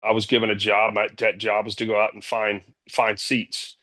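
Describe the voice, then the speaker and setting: A man, a company CEO, telling stories as a guest in a casual interview, energetic and blunt, swearing freely. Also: lowish voice, moderate pace.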